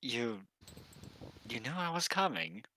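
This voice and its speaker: A man voicing a hesitant young man who speaks softly and haltingly to his father. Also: medium pitch, sing-song, slight background noise, heavily acted. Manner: hesitant, soft-spoken.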